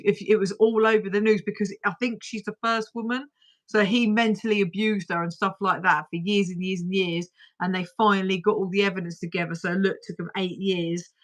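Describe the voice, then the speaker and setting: A woman's voice: medium pitch, a bit bright. A woman hosting a livestream and chatting casually, talking bluntly and swearing freely. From United Kingdom. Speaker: livestream host. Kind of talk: casual chat.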